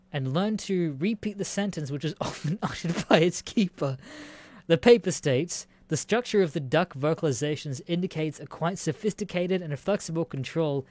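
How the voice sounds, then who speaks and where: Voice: mid-range voice, a little mellow. Foul-mouthed reaction commentator. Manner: swears freely, laughs often, incredulous asides. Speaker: streamer reacting to news stories.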